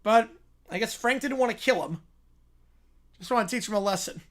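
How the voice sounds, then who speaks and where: A man hosting a livestream, reacting to a played video with quick, bemused asides. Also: sits high. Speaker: livestream host. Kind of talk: live reaction commentary.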